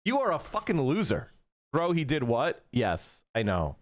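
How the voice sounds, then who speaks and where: Animated, profane man reacting to clips. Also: medium pitch, unhurried. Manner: heated, mocking, swears constantly. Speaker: stream host reacting to clips.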